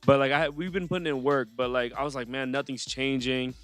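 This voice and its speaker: A young man, a rapper guest on a podcast, telling his story in a casual, animated way and acting out what others said to him in slang. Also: mid-range voice, brisk. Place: podcast studio.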